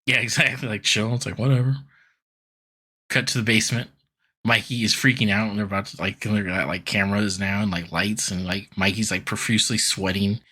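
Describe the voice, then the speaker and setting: A man's voice: lowish voice, little pitch movement, a little fast, pushed and bright, slightly rough. A man co-hosting a podcast, recapping a cartoon episode in loose, laughing casual chat full of fillers. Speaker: podcast co-host.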